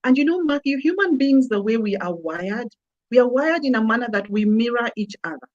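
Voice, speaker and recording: Woman, emphatic, repeats phrases for emphasis, fairly high voice, dull lo-fi sound. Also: lively intonation, fairly quick. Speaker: customer experience consultant, guest. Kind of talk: conversational interview.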